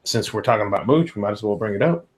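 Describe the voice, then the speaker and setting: A man's voice: fairly low pitch, animated, racing. Joking, profane male co-host. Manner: joking, profane, stumbling restarts. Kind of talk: casual live-stream chat.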